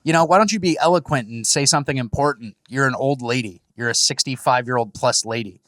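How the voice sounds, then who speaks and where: A man's voice: mid-range voice, quick pace, fairly bright tone, no room sound. A man co-hosting a casual podcast, talking in a mocking, rambling way. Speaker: podcast co-host. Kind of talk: casual commentary chat.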